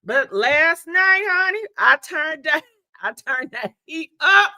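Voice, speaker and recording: High, bright chatty woman livestreaming while sick. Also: takes it slowly, dry recording. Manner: chatty, animated, laughs often, addresses viewers as y'all and honey. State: sick, congested throat. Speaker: livestream host. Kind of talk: casual livestream chat.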